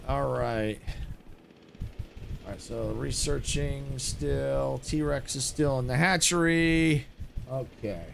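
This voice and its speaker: A man giving casual, excitable commentary while playing a video game, exclaiming and laughing often. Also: mid-range voice, vocal fry, noisy background. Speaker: gaming streamer.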